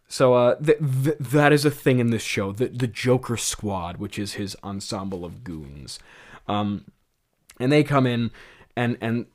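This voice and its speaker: Young male host, casual commentary, animated voice, lots of restarts. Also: medium pitch. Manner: rambling, self-mocking, many restarts and laughs. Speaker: podcast host. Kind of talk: casual commentary on his old script.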